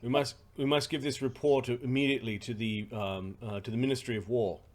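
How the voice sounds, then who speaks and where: A courteous male official speaks formally and in a measured way, voiced by a man running a tabletop game. His pitch sits right in the middle of the range. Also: steady tone, close to an everyday voice.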